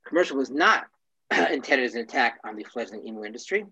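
A man teaching a casual class, wry and joking, often clearing his throat. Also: mid-range voice, expressive, fast, pushed and bright, rough recording.

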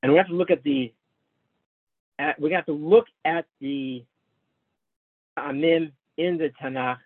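A man's voice: on the high side, steady tone, measured pace, no echo. Man teaching over a tinny phone-like line. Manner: patient explaining, many restarts, addresses students by name. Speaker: class teacher. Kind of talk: online study class, explaining Hebrew texts. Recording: narrow phone-like sound, dry.

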